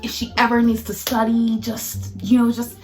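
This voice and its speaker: A man's voice: very high voice, completely flat delivery, moderate pace, darkish tone, faint music behind, pitched above the performer's own voice. A woman doing a clingy, eager college guy. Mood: pleading. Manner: eager, overly familiar.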